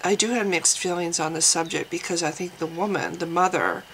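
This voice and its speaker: Woman vlogger rambling her thoughts out loud, lots of ums and restarts, kinda gravelly. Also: on the low side, brisk, slight background noise, low-quality recording. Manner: hesitant, thinking aloud with many restarts and ums. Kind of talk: casual spoken commentary.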